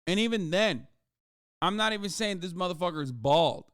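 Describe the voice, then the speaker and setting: A male streamer holds forth to his live chat with a slightly raised, smooth, resonant voice. He mocks and swears freely, piling on sarcastic asides and restarts. The sound is close and dry, with no room around it. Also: sits high, moderate pace, no room sound. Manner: profane, sarcastic and mocking; animated, with frequent restarts and emphatic asides. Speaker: livestreamer. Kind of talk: casual livestream rant to chat.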